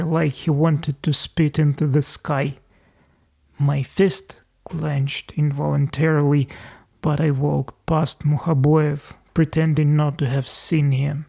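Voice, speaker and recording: A man reading a novel aloud as an audiobook narrator, in slow, deliberate storytelling. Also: a little high, creaky, darkish tone.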